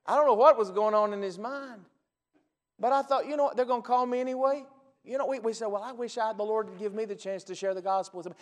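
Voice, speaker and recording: Folksy pastor preaching in a reverberant hall. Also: male voice, high-pitched, fairly even intonation, fast talker. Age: 40s. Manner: folksy storytelling, acts out phone calls, rises to loud preaching. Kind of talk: sermon.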